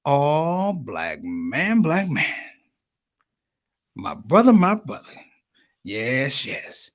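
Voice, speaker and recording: A man voicing a solemn male street preacher who says every phrase twice, slowly and gravely. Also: on the high side, big pitch swings, full character voice.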